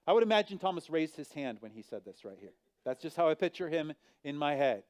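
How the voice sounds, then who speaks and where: A man preaching in a smooth, resonant voice that sits a little above the usual male range. He is an animated pastor who acts out the figures in his story, rising and falling sharply in pitch and volume. The sound is close and dry, with no room echo. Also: fairly quick. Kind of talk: sermon.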